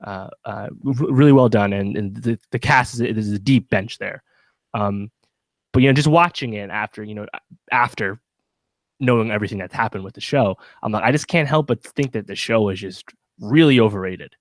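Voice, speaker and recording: Low-voiced man rambling through a review. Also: a little fast, no echo. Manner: rambling, many fillers and restarts. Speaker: podcast co-host. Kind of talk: casual review chat.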